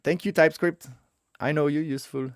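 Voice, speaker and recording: A man's voice: a little high, steady tone, fairly quick, no room sound, studio quality. A man teaching a casual coding walkthrough, thinking aloud as he works, correcting himself and chuckling at his own mistakes. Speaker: web developer teaching a coding tutorial.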